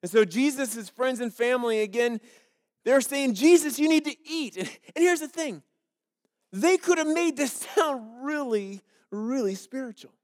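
High-voiced man preaching conversationally. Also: lively intonation, a little slow. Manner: conversational, storytelling, frequent restarts. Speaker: pastor. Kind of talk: sermon.

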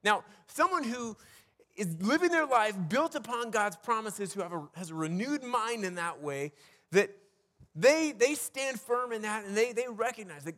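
A man's voice: high-pitched, expressive, moderate pace, fairly bright tone, big-room sound. A man preaching a sermon as a pastor, talking conversationally with restarts and rhetorical questions.

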